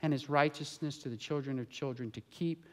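A man preaching a sermon as pastor in a church sanctuary, swinging between hushed and loud. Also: mid-range voice, brisk.

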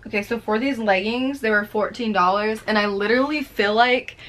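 A woman's voice: medium pitch, fairly quick, a bit bright. Young woman, chatty try-on haul talk, slightly breathless, faint background noise. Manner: chatty, rambling, self-teasing asides. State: a little out of breath. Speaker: fashion vlogger. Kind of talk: casual try-on haul chat.

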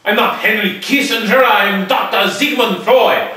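Teen guy playing a pompous shrink, slow big proclamations, roomy off-mic home video sound. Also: high voice, pushed and bright, far from the mic. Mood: indignant. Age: teens. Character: pompous male psychiatrist, an impression of a famous one.

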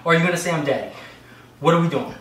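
A man's voice: fairly high pitch, racing, fairly bright tone. A man co-hosting a casual couple vlog at home, trash-talking and mock-threatening his partner with teasing bravado. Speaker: vlogger co-host. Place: living room at home, indoors. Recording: roomy, distant mic with background noise.

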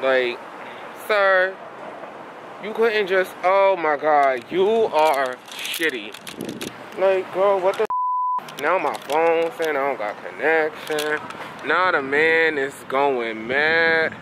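A man, talking in a fairly high voice, rants and exclaims in sassy slang as he vlogs on the go. He holds his camera close in the street and on the train. Clear traffic and city noise runs under his voice. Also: expressive, takes it slowly. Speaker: vlogger. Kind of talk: casual vlog chat. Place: streets and a train around Long Island and the city. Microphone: handheld phone or camera. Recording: noisy outdoor phone recording.

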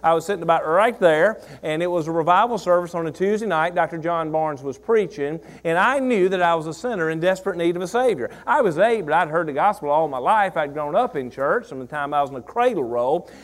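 A man's voice: fairly high pitch, lively intonation, brisk, hardly any pauses. A man, preaching a sermon, repeating phrases and asking the congregation questions. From Mississippi. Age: 40s. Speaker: pastor.

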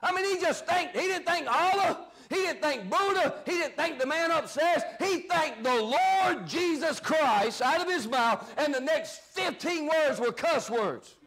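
A man preaches a fiery sermon from the pulpit. His voice sits very high for a man. He shouts his main points and falls to low, muttered asides in between. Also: animated, a little slow, few pauses. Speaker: pastor.

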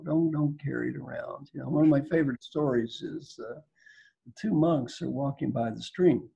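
Older male guest speaker from Kentucky, gravelly and raspy, dark tone, playful folksy delivery, video call. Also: medium pitch, moderate pace, highs cut off. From Kentucky, United States. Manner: playful, teasing, repeats phrases for effect. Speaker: guest speaker, executive coach. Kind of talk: folksy storytelling talk.

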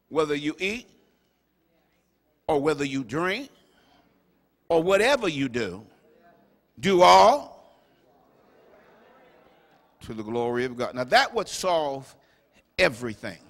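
A man preaches a lively, joking sermon as a bishop, his voice bright and pitched a little high. It rings out with a long reverb, like a big sanctuary heard through a stage mic. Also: measured pace, pauses often. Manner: animated, humorous preaching with playful asides and acted-out quotes. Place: large church sanctuary. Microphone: stage microphone.

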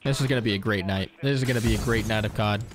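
A man streaming a shooter game, talking excitedly and in disbelief, swearing casually. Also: lowish voice, rapid-fire, over music. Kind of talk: live gameplay commentary.

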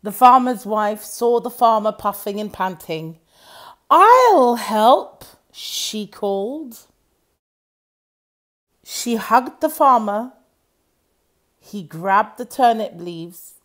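A woman reading a children's story aloud in an animated storytelling voice. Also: medium pitch. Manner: slow, lively, animated reading.

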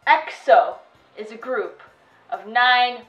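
A woman's voice: a little high, slow, fairly bright tone, highs cut off, faint music behind. A woman hosting a reaction video, chatting playfully and explaining in a bubbly, teasing way. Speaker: host of reaction channel. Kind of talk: casual chat. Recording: echoey room.

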